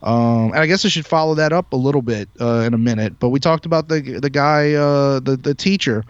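A podcast host, a man with a mid-range voice, delivers a heated, profane, emphatic rant at a slightly fast pace. His tone is clean, and the recording is dull, lo-fi and dry, with no echo.

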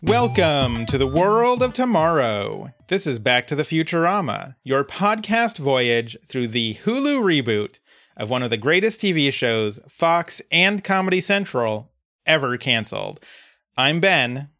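A man's voice: a little high, sing-song, unhurried, a bit bright, soft background music. A man hosting and editing a podcast, chatting casually in a dry, wry way. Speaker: podcast host and editor. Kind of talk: casual chat.

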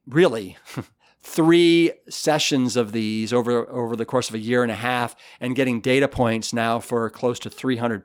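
A man's voice: medium pitch, dry recording. Earnest man telling stories, dry sound. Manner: earnest, enthusiastic, full of fillers and restarts. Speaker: author and guest. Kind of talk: conversational storytelling interview.

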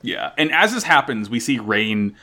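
A podcast co-host in excitable casual chat about an anime, swearing freely. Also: normal speed. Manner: excitable, swears, jumps pitch when thrilled.

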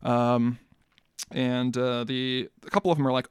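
A man's voice: medium pitch, little pitch movement, a little slow, smooth, no echo, studio quality. A man co-hosting a podcast, casually retelling a film plot in a loose, profane way, full of fillers and restarts. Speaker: podcast co-host.

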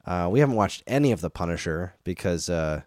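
A man's voice: deep voice, expressive, brisk, a little mellow, dry recording, studio quality. A man in his thirties co-hosting a casual chat show, rambling off on tangents. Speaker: podcast co-host.

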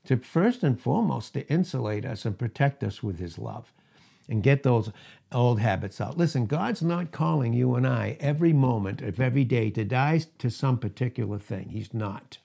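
A man's voice: mid-range voice, lively intonation, normal speed, gravelly, warm tone, breathy edge. A male pastor preaching a sermon, emphatic, with rising and falling intensity.

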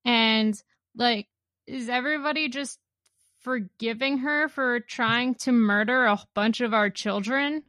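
Woman podcast cohost, bit high and bright, wry jokey recap chat. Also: a little slow, dry recording. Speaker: podcast co-host.

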